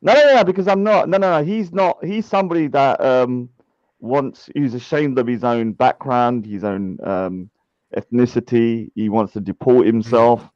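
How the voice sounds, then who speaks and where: A man on a casual online panel, chatty and quick to act offended. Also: mid-range voice, darkish tone, no echo. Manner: chatty, mock-indignant, defensive. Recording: dull, dry sound.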